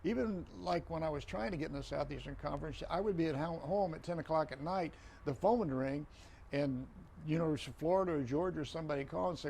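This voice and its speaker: An older man, a retired referee, telling stories as a guest in a podcast interview, animated, repeating phrases and acting out dialogue. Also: a little high, fast talker, gravelly, a little hiss or hum.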